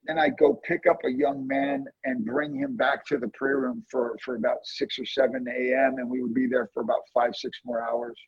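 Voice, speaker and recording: A man earnestly telling an emotional story of prayer in a conversation, with lively swings in his voice. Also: normal speed, few pauses, breathy edge, no room sound, lo-fi sound. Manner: earnest, emotional testimony with animated swings in pitch. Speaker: guest, prayer ministry leader.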